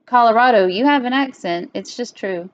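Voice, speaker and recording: A woman's voice: on the high side, normal speed, muffled recording. Chatty woman hosting a podcast. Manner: chatty, giggly, with fillers. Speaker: podcast host. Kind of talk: casual family podcast chat.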